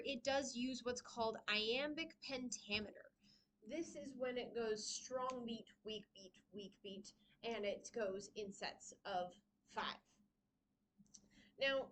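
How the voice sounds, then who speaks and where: A woman's voice: on the high side, a bit bright. A woman presenting a library writing workshop in a casual teaching style, chatty with frequent "um"s and laughter between points.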